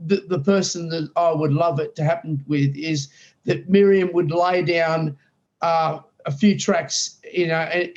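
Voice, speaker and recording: A man's voice: high voice, darkish tone, muffled recording. Australian man in his sixties, rambling. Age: 60s. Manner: rambling storyteller, many restarts. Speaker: guest. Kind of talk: casual interview chat.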